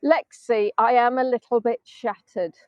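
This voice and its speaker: A woman's voice: a little high, steady tone, measured pace, darkish tone, no room sound. A middle-aged English woman guiding a live virtual tour from the sand dunes. She chats to viewers, mocks herself and breaks into bits of song. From England. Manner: chatty, self-mocking, breaks into snatches of song. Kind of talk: casual live-stream chat. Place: outdoors in sand dunes by the sea. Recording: dull, dry phone-stream audio.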